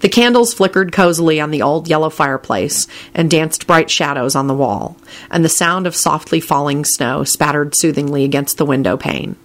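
A woman narrating a story aloud in a calm, measured way. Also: low-pitched. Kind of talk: storybook reading.

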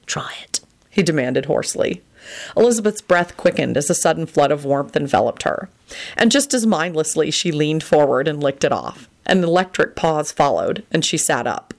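Female reader, low and lilting, expressive romance storytelling. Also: moderate pace. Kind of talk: reading a romance story aloud.

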